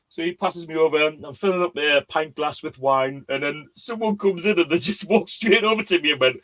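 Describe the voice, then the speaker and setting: A man's voice: fairly high pitch, fairly quick, a bit bright. A man hosting an online quiz, chatting casually and telling a rambling story with lots of fillers and restarts. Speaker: quiz host. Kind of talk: casual chat.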